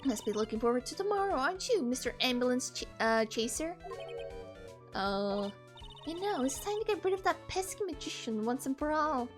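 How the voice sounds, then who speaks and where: A woman's voice: high-pitched, very animated, normal speed, faint music behind. A woman voicing a rude, foul-mouthed male wooden puppet in a video game, in a brash, insulting way.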